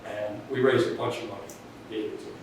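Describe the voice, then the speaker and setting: Man, casual storyteller, rambling delivery; distant mic in a very echoey space with clear background noise. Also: fairly low pitch, steady tone, fast talker. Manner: rambling, restarts, chuckles at his own story. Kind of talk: casual anecdote.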